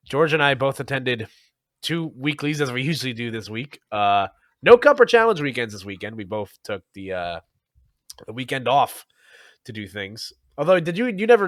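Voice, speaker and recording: A man's voice: mid-range voice, expressive, moderate pace, fairly bright tone, dry recording, studio quality. A young man from North Jersey co-hosting a podcast in casual chat, rambling and laughing between thoughts. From North Jersey, USA. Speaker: podcast co-host.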